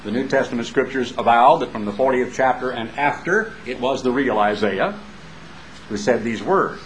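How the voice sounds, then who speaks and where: A male preacher delivers a sermon in a mid-pitched voice, folksy and emphatic. He stacks up rhetorical questions and drops homespun asides between the scripture passages, with a faint hiss of noise behind him. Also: expressive, moderate pace, rough recording.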